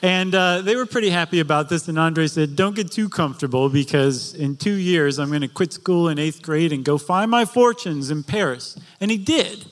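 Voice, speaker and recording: A man's voice: a little high, moderate pace, hardly any pauses. A chatty, joking man co-hosting a live podcast, telling a story to an audience and laughing often. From Florida. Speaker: podcast co-host. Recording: live show before an audience.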